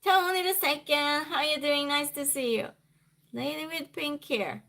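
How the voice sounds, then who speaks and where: A woman's voice: high-pitched, a little slow, gravelly, bright, forceful tone. A woman hosting a trivia live stream in a casual chat style, reading viewer comments aloud and greeting viewers by name. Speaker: trivia night stream host.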